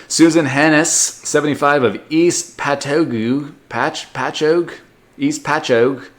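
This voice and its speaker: A male podcast host reads quirky news headlines and breaks off to mock them. His delivery is sarcastic and loose, and he jumps into quick goofy voices for the people in the stories. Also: mid-range voice. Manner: sarcastic, reads headlines then riffs with silly put-on voices. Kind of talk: comedic news commentary.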